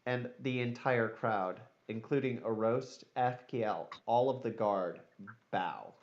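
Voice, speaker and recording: A man's voice: mid-range voice, animated, takes it slowly, lo-fi sound. A man narrating a tabletop game as game master, in a casual way with frequent fillers.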